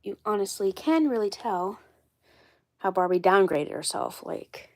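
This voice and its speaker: A woman's voice: mid-range voice, animated, measured pace, darkish tone, no echo. A woman with a cold, sounding congested, chatting casually on a live stream and rambling with lots of fillers and repeats. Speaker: doll collector vlogger.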